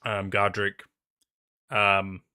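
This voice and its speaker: A man hosting a livestream in casual chat on a headset, excitable and trailing off mid-sentence. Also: on the low side, extremely slow, clear, resonant tone, no echo, clean studio sound. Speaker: stream host.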